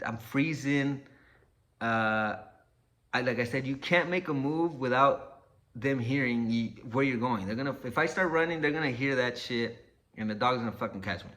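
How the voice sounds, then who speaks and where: A man's voice: mid-range voice, sharp tone. A man telling a personal story casually, cursing often and acting out what people said. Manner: profane, laid-back, acts out quotes.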